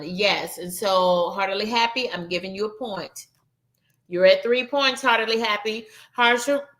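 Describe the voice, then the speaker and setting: A woman's voice: on the high side, pushed and bright. A woman hosting a casual live-stream game night, reading viewers' answers and chatting with them as y'all. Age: adult, 21 or older. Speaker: livestream game night host.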